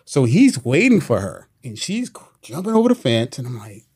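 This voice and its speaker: A man's voice: medium pitch, big pitch swings, normal speed, darkish tone, husky. A man, a police officer, telling a tense story in a casual studio interview, full of slang and quoted voices. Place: podcast studio.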